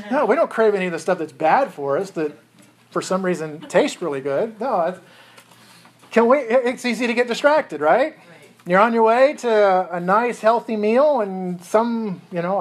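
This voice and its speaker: Husky earnest preacher man. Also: high-pitched. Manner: earnest, with many restarts and chuckles. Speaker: pastor. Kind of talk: sermon.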